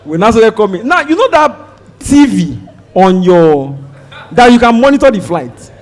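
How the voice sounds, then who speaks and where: Nigerian male stand-up comic, high and very expressive voice, storytelling delivery. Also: unhurried, long reverb tail. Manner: animated, shouts and mimics voices while telling the story. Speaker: stand-up comedian.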